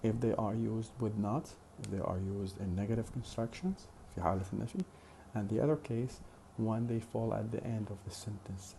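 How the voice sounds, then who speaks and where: A man with a low, gravelly, mellow voice lectures on phonetics at a slow, careful pace. He repeats his example phrases and stops often on "uh" while he explains. A faint hiss of background noise sits under the recording. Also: steady tone.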